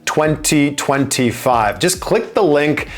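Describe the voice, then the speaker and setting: A man hosting an interview show, asking relaxed questions and delivering an upbeat sponsor read. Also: on the high side, takes it slowly. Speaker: interview host.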